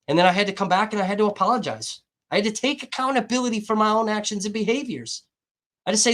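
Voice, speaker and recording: A man's voice: high-pitched, fast talker, fairly bright tone. A man hosting a livestream, ranting bluntly and abrasively with heavy swearing. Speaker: livestream host. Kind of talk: heated livestream rant.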